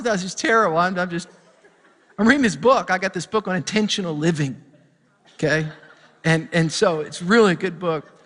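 A man's voice: fairly high pitch, fairly bright tone, in a large hall. A middle-aged male pastor preaching a sermon, telling a story and building to fired-up preaching. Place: church sanctuary.

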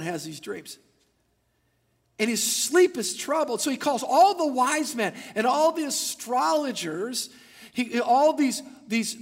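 A male pastor preaching a sermon in church, retelling the story with animated acted-out voices. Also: very high-pitched. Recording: long church hall reverb.

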